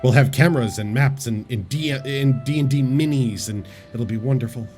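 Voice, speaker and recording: A man's voice: mid-range voice, moderate pace, a little mellow, soft background music. A man narrating as game master, describing scenes and calling for rolls.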